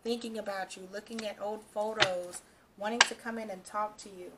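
A woman's voice: medium pitch, fairly even intonation, moderate pace, very noisy. A woman doing a casual tarot reading for her channel, talking straight to the viewer and reassuring them, often checking in with "okay" and "all right". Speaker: tarot reader.

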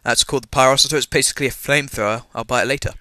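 A young let's-play gamer from England chats casually while playing, his English-accented voice mid-range, sharp and rapid-fire with fairly even intonation. He's self-mocking, uses lots of fillers, and has a slight cough. Game music plays under his voice.

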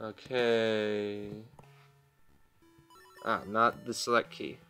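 A man's voice: mid-range voice, lively intonation, normal speed, pushed and bright, soft background music. A young man casually commenting on his own gameplay at home, joking at his own expense and laughing often. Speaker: gaming channel host. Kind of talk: casual let's play commentary. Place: home room.

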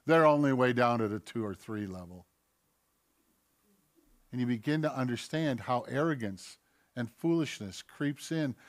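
A man preaching a sermon as pastor in a church, animated, firing rhetorical questions and acting out voices. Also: a little high. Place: church sanctuary.

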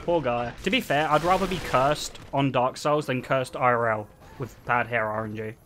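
A man's voice: medium pitch, normal speed, background noise. A man in his twenties, chatting and joking teasingly with his viewers while streaming a game. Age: 20s. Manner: teasing, joking, often laughing. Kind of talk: casual live-stream chatter.

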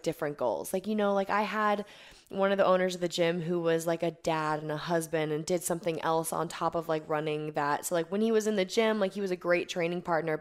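Animated young woman, low-pitched, chatty. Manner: animated storyteller who acts out her own quotes, many fillers. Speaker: podcast guest, competitive athlete. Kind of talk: casual podcast chat.

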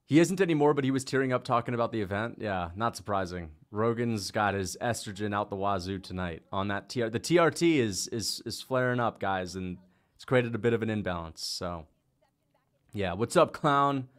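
A man's voice: fairly low pitch, moderate pace. A young man hosting a fight-reaction livestream, chatting loosely, swearing and reading out viewer donations. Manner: loose, swears often, excitable outbursts.

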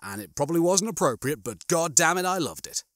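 A man hosting his channel, chatting warmly with listeners and then narrating a comic novel with enthusiasm. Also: a little high, fairly quick, no echo, studio quality. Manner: enthusiastic, animated reading. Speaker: audiobook reader and channel host.

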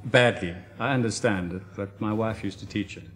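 A South African man in his fifties speaks in a fairly low voice as a guest on a TV chat show. His answers are modest and dry, and he often pokes fun at himself. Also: moderate pace, fairly bright tone. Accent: South African English. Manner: dry, self-deprecating humour. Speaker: author guest.

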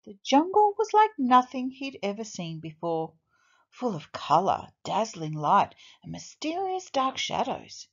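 A woman teacher reading a children's storybook aloud in an expressive, deliberate way. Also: fairly high pitch, highs cut off.

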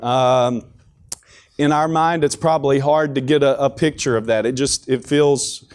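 A man's voice: mid-range voice, fairly even intonation, measured pace, darkish tone, clean tone. A man giving a devotional talk at a school chapel, speaking conversationally with frequent restarts and repeated words.

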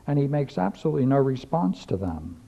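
A man's voice: mid-range voice, big pitch swings, brisk, vocal fry, warm tone. A man teaching a philosophy class, lecturing emphatically and repeating key phrases as he reads and discusses scripture. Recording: dull lo-fi videotape recording.

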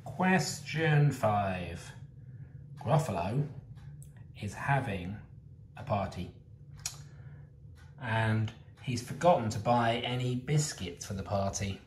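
A man teacher asking young children maths quiz questions in a slow, sing-song way. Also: lowish voice, expressive, slight background noise. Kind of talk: early years maths quiz video. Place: home kitchen. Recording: roomy echo.

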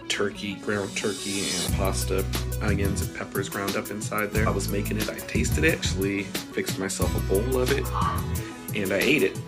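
A man talking candidly to his vlog audience, frustrated and hard on himself, recorded outdoors on a porch. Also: lowish voice. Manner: frustrated, candid, self-critical. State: out of breath. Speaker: vlogger. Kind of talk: casual vlog.

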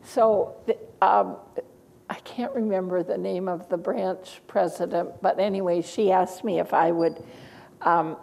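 A woman's voice: lowish voice, steady tone, unhurried, gravelly, darkish tone, rough recording. An older woman giving a teacher-training lecture, chatty, with asides and small laughs. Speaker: lecturer on reading instruction.

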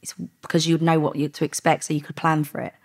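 Gravelly woman telling stories. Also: low voice, quick pace. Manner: lively anecdotes with quoted dialogue, frequent laughs. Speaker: former undercover police officer. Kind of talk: podcast interview storytelling.

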